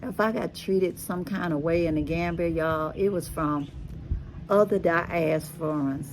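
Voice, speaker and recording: A middle-aged woman with a Texas Creole accent, a blend of Louisiana and Galveston, talks to her viewers in a low, unhurried voice. She draws out her words and keeps calling them "y'all". A faint outdoor hum sits behind her. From Texas, USA. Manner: slow, drawn-out talk, often saying "y'all". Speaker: vlogger. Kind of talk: casual chat to viewers. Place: rooftop outdoors.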